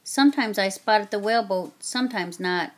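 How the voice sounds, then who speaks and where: A woman narrating a children's historical story in a steady, plain reading voice. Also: medium pitch, normal speed. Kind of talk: reading a children's book aloud.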